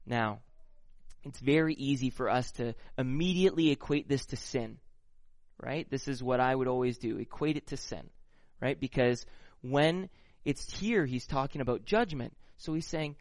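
A man preaching a sermon who reads scripture slowly and explains it in a casual, conversational way, often checking in with "right?". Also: mid-range voice, a little mellow, no echo. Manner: slow, deliberate reading of scripture. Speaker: pastor.

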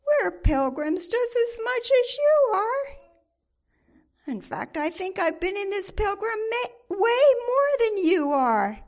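A smug, self-assured man boasts about his own standing, his voice high and loud, as a woman preacher puts him on. His tone is pointedly boastful. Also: big pitch swings, slow, heavily acted.

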